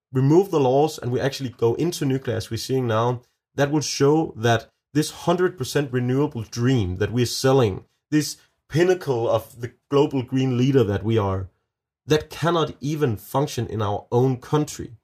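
A man's voice: mid-range voice, normal speed, a little mellow. A man with a Danish accent, answering interview questions as a nuclear energy advocate, earnest and emphatic with many restarts. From Denmark.

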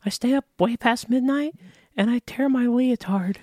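A man putting on a high, silly impression of a famous male wrestler, drawn-out and exaggerated. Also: dark tone, no echo, clean studio sound.

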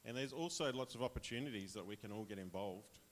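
A man's voice: fairly low pitch, fast talker, slight background noise. An Australian man casually sharing a personal testimony with his church, chatty and rambling, often laughing.

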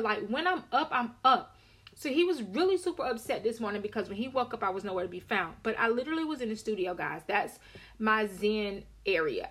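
A woman vlogger with a fairly high voice, talking straight to her viewers. She tells her story in a candid, sassy, emphatic way and swears casually. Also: fairly bright tone. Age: adult with a daughter.

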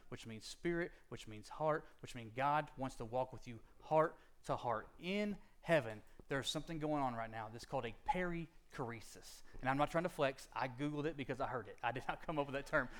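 A man preaching a sermon in a conversational way, with jokey asides and casual slang, dropping to a hush and then building to loud, emphatic stretches. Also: medium pitch. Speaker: pastor.

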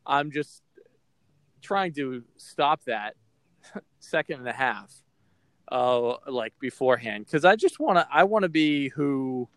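A man's voice: medium pitch, animated, takes it slowly, long pauses, a bit bright, no echo. A man from Boston hosting a podcast, talking candidly and rambling with lots of fillers. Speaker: podcast host. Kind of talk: casual podcast chat.

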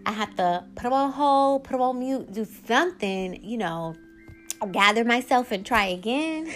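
A woman's voice: a little high, normal speed, soft background music. A woman, hosting her own podcast in a casual monologue that turns heated as she vents. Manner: animated, rising to heated venting. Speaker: podcast host.

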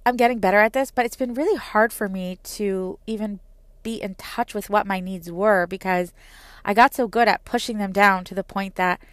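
A woman's voice: mid-range voice, no room sound. Earnest woman talking about her needs. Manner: earnest, with frequent "like" and restarts. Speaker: mother. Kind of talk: personal reflective talk.

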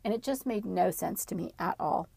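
A woman telling a personal story casually, in an animated, dramatic way. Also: on the low side, normal speed, vocal fry, husky, no echo.

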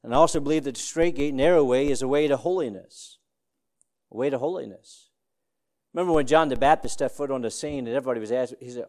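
A middle-aged man teaching a Sunday school sermon as pastor, halting and repeating himself, then rising to loud, emphatic peaks when quoting scripture. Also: medium pitch. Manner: halting with frequent restarts and fillers.

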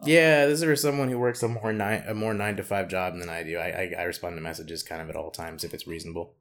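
A man's voice: low voice, steady tone, quick pace. A man co-hosting a podcast in casual chat, teasing and joking, often trailing off with fillers. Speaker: podcast co-host.

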